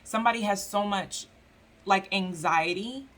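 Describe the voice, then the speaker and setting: A woman's voice: mid-range voice, unhurried, a bit bright. Chatty woman doing a tarot reading. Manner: chatty, filler-heavy, acts out voices of spirit and clients. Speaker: tarot reader. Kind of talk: casual tarot reading monologue.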